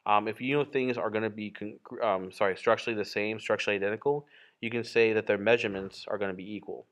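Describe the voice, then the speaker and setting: A lowish-voiced math teacher moves at a quick pace with fairly even intonation and a fairly bright tone. He teaches geometry while drawing, casually explaining, with frequent fillers and self-corrections.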